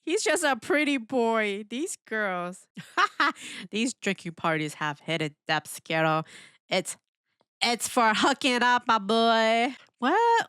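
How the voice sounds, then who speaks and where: Mujer animada comentando con voz clara. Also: female voice, medium pitch, clean tone, no echo, clean studio sound. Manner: animated, exclamatory, laughs often; asks rhetorical questions. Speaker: reaction video host. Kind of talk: casual reaction commentary.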